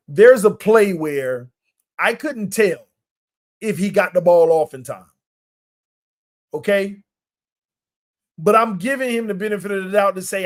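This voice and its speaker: A man with a voice that sits high hosts a casual sports podcast, breaking down plays emphatically and colloquially and repeating points for effect.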